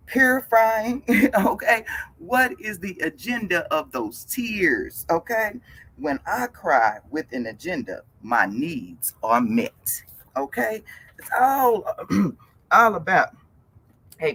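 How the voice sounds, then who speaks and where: A woman's voice: lowish voice, husky. A woman in her forties hosting a casual fitness live stream, chatty and greeting her viewers by name with frequent laughs. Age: 40s.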